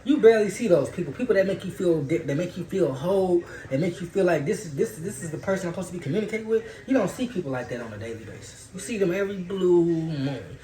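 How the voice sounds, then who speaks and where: A man's voice: high-pitched, lively intonation, fast, few pauses, warm tone. A man giving a loose, profane, preachy spiritual monologue in casual talk. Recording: roomy echo.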